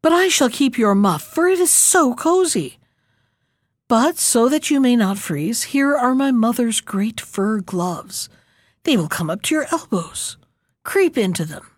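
A woman's voice: a little high, sing-song, a little slow, no room sound, voice pushed up. A woman voicing a fierce, bossy little robber girl in a storybook reading, with a commanding, threatening manner.

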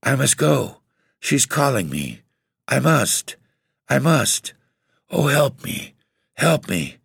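A man's voice: medium pitch, very animated, slow, gravelly, fairly bright tone, breathy edge, dry recording, clean studio sound, voice pushed up, exaggerated voice. A man playing a desperate spellbound rector. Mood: pleading. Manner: pleading, strained, desperate. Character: frightened spellbound male rector, pleading.

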